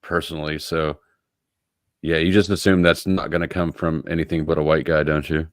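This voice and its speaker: A man's voice: extremely low pitch, little pitch movement, fairly quick, dry recording, studio quality. A man hosting a live online panel, joking and explaining things in an offhand way. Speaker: host. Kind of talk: casual live panel chat.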